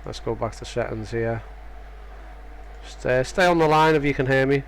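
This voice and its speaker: A young Australian man talks in a loose, rambling way, often breaking off and restarting his sentences. His voice sits at an ordinary middle pitch, with a faint hum of room sound behind it. It sounds like casual live-stream chat. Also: moderate pace. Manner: chatty, rambling, self-interrupting. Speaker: sim racing streamer.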